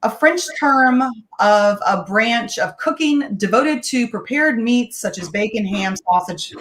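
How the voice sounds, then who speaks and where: A woman's voice: fairly high pitch, lively intonation, unhurried, fairly bright tone, slight background noise. A middle-aged woman, chatty and upbeat, who laughs often as she demonstrates a meal in a home kitchen. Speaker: guest home cook sharing meal tips. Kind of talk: casual live-stream cooking demo.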